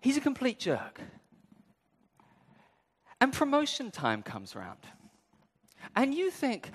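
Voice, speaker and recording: Animated male preacher in a reverberant hall. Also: extremely high pitch, takes it slowly, pauses often, breathy edge. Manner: animated, acts out people's inner voices with humor; speaks directly to the congregation. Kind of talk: sermon. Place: church sanctuary.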